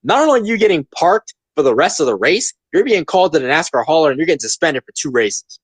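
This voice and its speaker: A man's voice: a little high, very animated, quick pace, slightly rough, dry recording. A man in his twenties hosting a casual opinion podcast, talking emphatically and ranting, repeating his points. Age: 20s. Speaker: podcast host.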